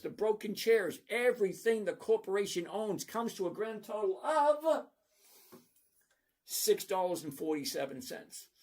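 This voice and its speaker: A middle-aged man with a high, gravelly voice walks through stock charts in a blunt, sarcastic way. He talks straight to his viewers by name. His tone is casual and unfiltered. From lives in Florida. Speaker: trading channel host. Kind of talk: casual stock commentary over a screen share.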